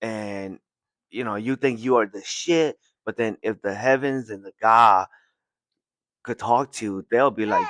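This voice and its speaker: A man's voice: lowish voice, measured pace, a bit bright, dry recording. Rambling male podcast host recapping. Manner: rambling, restarts, chuckles often. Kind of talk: casual chapter recap.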